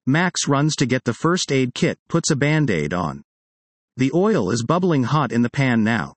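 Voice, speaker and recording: A man reading a personal essay aloud in a wry, expressive storytelling manner. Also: mid-range voice, a little slow, dry recording. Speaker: narrator.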